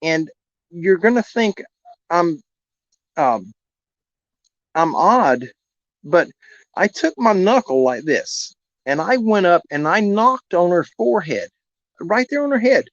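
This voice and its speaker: On his live stream, an animal rescue host tells viewers a heartfelt personal story, rambling and earnest. His high-pitched voice is very animated but slow, with long pauses, and the dry recording has the dull sound of lo-fi stream audio.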